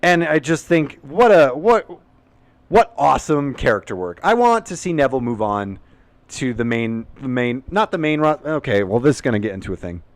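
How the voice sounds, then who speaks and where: A man's voice: medium pitch, big pitch swings, normal speed, no room sound. A man hosting a casual, unscripted recap of a show, rambling and opinionated and swearing freely. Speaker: YouTube wrestling recap host.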